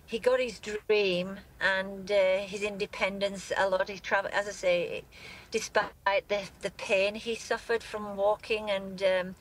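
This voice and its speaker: A grieving woman with an English accent, from England, speaking in a live news interview from a moving car, tearful, halting and breaking off her sentences. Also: medium pitch, level tone, slight background noise, low-quality recording.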